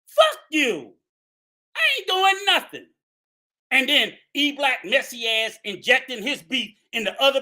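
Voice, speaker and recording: A man in a fierce, profanity-laced rant, his voice swinging up and down with lively inflection. The tone is bright and tense, and he hammers his points with repetition and frequent shouting. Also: sits high. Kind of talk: angry commentary rant.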